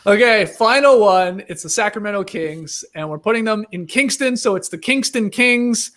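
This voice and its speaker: A man's voice: high-pitched, lively intonation, normal speed, a bit bright. A man hosting a casual sports chat, joking and reeling off trivia. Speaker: podcast host.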